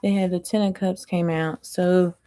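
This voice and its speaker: A woman doing a chatty, rambling tarot reading, her voice going hoarse. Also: on the low side, steady tone, normal speed, warm tone. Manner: chatty, rambling, self-interrupting. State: losing her voice. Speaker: tarot reader.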